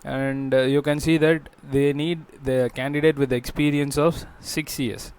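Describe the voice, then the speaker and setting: Halting man, smooth voice. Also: mid-range voice, steady tone, a little mellow. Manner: halting, with frequent fillers and restarts. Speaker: job-listings channel host. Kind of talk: screen walkthrough narration.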